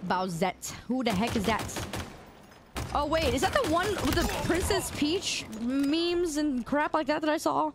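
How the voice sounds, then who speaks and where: High-voiced and unhurried, a woman streams a game against a noisy background, her intonation lively. She makes casual, playful, teasing conversation with her viewers, repeating words in sing-song bursts.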